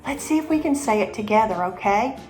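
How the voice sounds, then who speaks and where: A woman teaching children a memory verse, slowly and clearly, with lots of praise. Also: a little high, animated, faint music behind. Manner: warm encouraging praise, slow and clear. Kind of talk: memory verse drill for kids.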